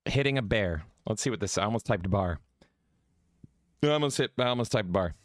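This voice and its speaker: A man's voice: on the low side, expressive, fairly quick, no echo, clean studio sound. Rowdy, profane podcast host man. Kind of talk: casual gaming podcast chat.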